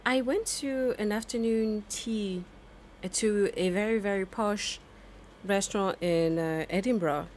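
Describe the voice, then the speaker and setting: This is a woman giving casual gameplay commentary, chatting away at a middle pitch. She rambles and jokes, swearing now and then with a laugh. A faint hum of room ambience sits behind her voice. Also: unhurried. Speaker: game streamer.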